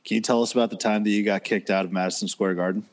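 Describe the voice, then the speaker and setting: A man's voice: on the low side, fairly even intonation, very fast. A man co-hosting a podcast, casually asking the guest for stories and laughing easily. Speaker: podcast co-host. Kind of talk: casual interviewing.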